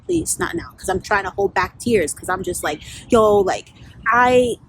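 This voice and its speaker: A woman's voice: mid-range voice, measured pace, a little hiss or hum, poor audio. A woman vlogging outdoors, telling a candid, profane story in a casual storytime style full of fillers. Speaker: vlogger and life coach.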